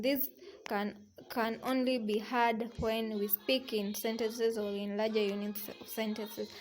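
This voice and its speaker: A woman lecturer reading a recorded lesson in a measured way, listing examples one by one with small restarts. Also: on the high side, a little mellow, poor audio.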